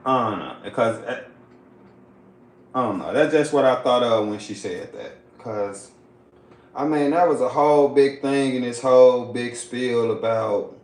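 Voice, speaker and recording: A man's voice: medium pitch, reverberant. A man hosting a livestream, reacting in loose, casual talk that is full of swearing. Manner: loose, swearing, drawling commentary. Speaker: livestream host.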